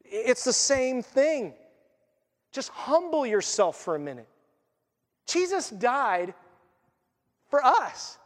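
Pastor, male, high voice, animated sermon delivery, long church reverb. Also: slow, long pauses. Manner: animated, acts out voices and jokes.

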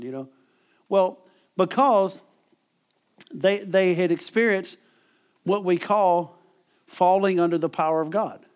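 A man's voice: a little high, darkish tone. A middle-aged man preaching a conversational sermon, often repeating words and chuckling as he talks.

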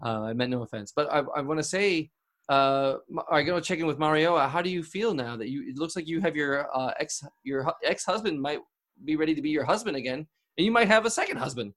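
A man's voice: on the high side, animated, fast, a bit bright. A man playing a flustered, apologetic talk-show doctor who stammers and restarts constantly, hosting an improvised comedy podcast. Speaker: host.

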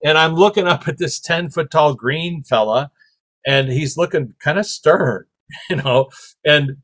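An animated man telling a long story on a podcast, slightly higher-pitched than most men. He talks casually and jumps into the voices of the people in his tale. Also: measured pace. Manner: animated, acts out quoted voices. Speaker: podcast host.

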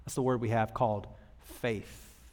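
A man's voice: medium pitch, steady tone, unhurried, darkish tone. A man delivering a sermon as a pastor, conversational and humorous, acting out the people he quotes. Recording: long hall reverb.

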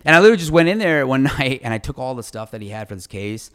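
A man, a lawyer, telling stories from his career in a casual, animated interview and swearing casually. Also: medium pitch, rapid-fire, smooth. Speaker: guest, lawyer.

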